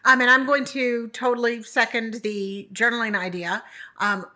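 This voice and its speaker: A woman's voice: fairly high pitch, steady tone, moderate pace, sharp tone. A middle-aged woman co-hosting a casual podcast chat in a chatty, easygoing way. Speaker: podcast co-host.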